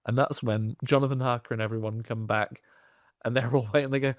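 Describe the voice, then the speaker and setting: A man's voice: medium pitch, steady tone, fairly quick, dry recording, clean studio sound. A man, a podcast host chatting casually and jokily retelling a film plot. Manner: jokey retelling, puts on silly voices. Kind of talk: casual film-review chat.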